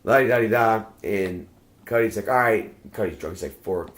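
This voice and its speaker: Speaking at a normal speed in a lowish voice, a male podcast guest spins a casual, rambling tale. He swears a lot and performs the quoted lines. There's a roomy echo on the audio.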